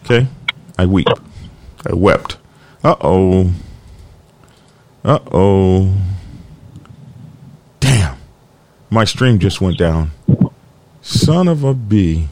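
Gravelly lively man hosting a live show. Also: sits low, very slow, pauses often, no echo. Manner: rambling, joking, talks to his dog mid-show. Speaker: biker news show host. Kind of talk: casual live-stream chat.

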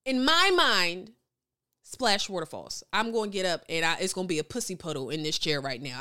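A woman talks on a podcast in a studio, candid and full of slang, often laughing and playing things up for effect. Her voice is bright and clear, and her pitch swings widely as she tells her stories. She reads out live comments between them. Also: expressive, fairly quick. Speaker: podcast guest. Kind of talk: casual chat reading live comments.

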